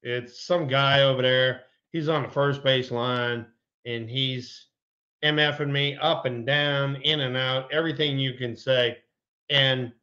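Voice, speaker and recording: Profane ex-ballplayer telling stories, lo-fi. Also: male voice, medium pitch. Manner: relaxed, profane, colorful anecdotes. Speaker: former pro baseball player, podcast co-host. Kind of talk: casual sports chat and storytelling.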